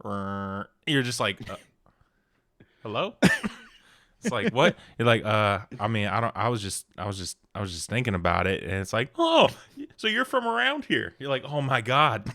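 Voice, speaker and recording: A man's voice: fairly low pitch, moderate pace, dry recording, studio quality. A man co-hosting a casual comedy podcast, telling stories with lots of energy and slipping into exaggerated voices for the people in them. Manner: animated storyteller, jumps into exaggerated voices for people in his stories. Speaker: podcast co-host.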